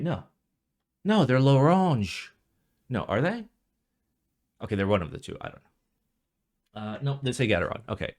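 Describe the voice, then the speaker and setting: Sounding jet lagged, a young man who reviews keyboards rants casually in his vlog. He rambles and swears, going from low muttering to sudden loud outbursts.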